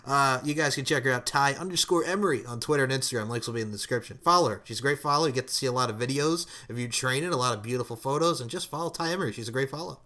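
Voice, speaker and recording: A man's voice: medium pitch, very fast, few pauses, sharp tone. A man hosting a podcast in a casual, joking way, often laughing and goofing around. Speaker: podcast host.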